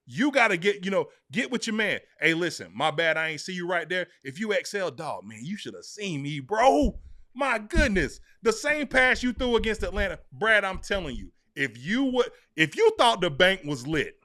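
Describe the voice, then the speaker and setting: A man's voice: high voice, normal speed. A man with a Southern US accent hosting a casual sports talk show, telling stories emphatically. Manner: emphatic, animated storytelling.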